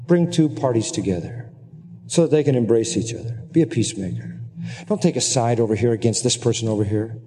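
A middle-aged man preaching a sermon, earnest and emphatic, at times climbing into high, excited exclamations. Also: brisk. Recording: long hall reverb.

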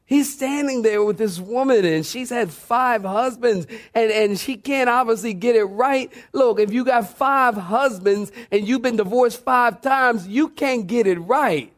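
A man preaching a sermon, telling the story in an animated way that swings between excited and low, emphatic delivery. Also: measured pace, few pauses. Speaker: pastor.

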